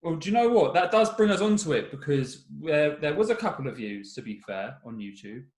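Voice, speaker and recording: Chatty English podcast host, roomy sound. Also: male voice, a little high, big pitch swings, fairly quick. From England. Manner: chatty, laughs often, self-mocking. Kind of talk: casual chat.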